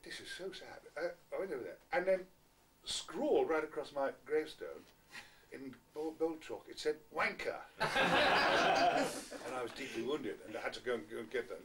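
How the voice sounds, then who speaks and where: A man's voice: medium pitch, very animated, normal speed, fairly bright tone. Theatrical older man telling wry tales. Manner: theatrical, wry, self-mocking. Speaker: guest actor answering fans. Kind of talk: anecdotal storytelling. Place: small packed venue, indoors. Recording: distant amateur recording with faint hiss.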